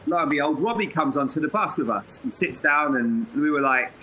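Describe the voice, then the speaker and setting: A man, a former footballer, telling lively anecdotes as an interview guest, laughing and acting out quotes. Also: fairly high pitch, a little fast, slight background noise, poor audio. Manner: lively, laughs mid-story, acts out quotes.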